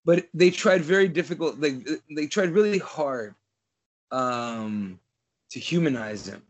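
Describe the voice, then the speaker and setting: A man co-hosting a podcast in casual chat, animated and quick to swear. His talk is heavy with fillers. His voice sits fairly high for a man. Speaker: podcast co-host.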